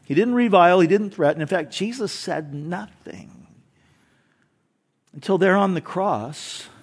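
A man with a high voice preaches a sermon, talking to his congregation like a friend. He moves from loud, emphatic lines down to quiet, low asides, and throws in rhetorical questions and a bit of humor. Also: measured pace, slightly rough. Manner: animated, swings between loud emphasis and soft low asides. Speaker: pastor.

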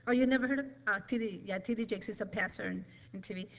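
A woman's voice: mid-range voice, fast, gravelly, low-quality recording. A middle-aged woman giving a nervous, rambling, emotional personal testimony in church.

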